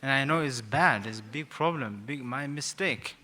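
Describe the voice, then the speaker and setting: Man rambling through a gentle teaching talk. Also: medium pitch, normal speed. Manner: rambling, self-mocking, with frequent "sort of" and hesitations. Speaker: Buddhist teacher, guest speaker. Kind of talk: informal teaching talk to young people.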